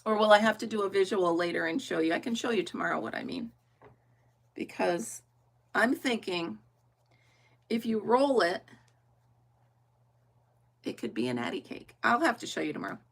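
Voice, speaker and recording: A woman's voice: mid-range voice, expressive, moderate pace, creaky, long pauses. A middle-aged woman chatting casually and laughing often as she crafts on a livestream, thinking aloud and talking to her viewers. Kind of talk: casual chat while crafting.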